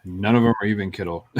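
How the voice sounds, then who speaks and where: Laid-back low-voiced man telling stories. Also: darkish tone. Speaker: streamer. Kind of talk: casual gameplay chat.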